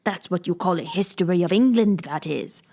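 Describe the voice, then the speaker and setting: A woman voicing a pompous, touchy egg man in a storybook reading, slow and haughty, lecturing as he talks. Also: fairly low pitch, warm tone.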